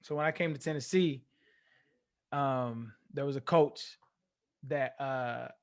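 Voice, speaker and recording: A young man from California, a former pro football player telling a story as an interview guest, animated and acting out the voices he quotes. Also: medium pitch, slow pace, clean tone.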